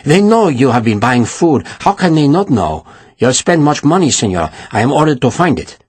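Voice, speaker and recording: A man's voice: medium pitch, big pitch swings, moderate pace, darkish tone, slightly rough, dry recording. A man voicing a nervous, pleading male town official in an audiobook. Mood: anxious. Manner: anxious, pleading.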